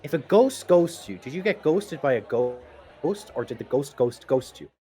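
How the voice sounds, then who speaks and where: A young man co-hosting a casual podcast chat, giggly and excitable. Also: medium pitch, moderate pace. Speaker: podcast co-host.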